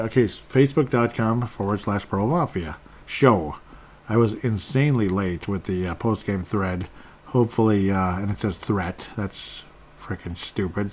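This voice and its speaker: A man's voice: deep voice, slight background noise. A man hosting a solo sports podcast, rambling and grumbling as he reads out listener tweets. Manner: rambling, self-deprecating, grumbling. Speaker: podcast host. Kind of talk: solo podcast chat reading fan tweets.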